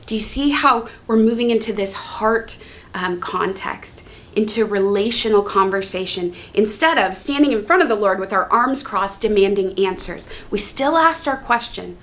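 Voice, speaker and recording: A woman teaching on prayer in an earnest, gentle way, speaking heartfelt prayers aloud as examples. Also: a little high, normal speed.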